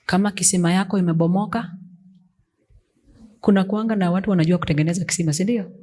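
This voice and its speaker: A woman's voice: on the low side, fairly even intonation, fast talker, dark tone. A woman pastor, preaching an emphatic sermon that mixes English and Swahili.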